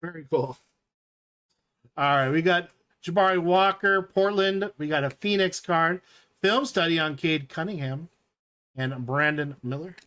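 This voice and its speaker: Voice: mid-range voice, measured pace, pauses often, fairly bright tone. A live-stream host chatting enthusiastically while opening packs and reading out each card as it appears.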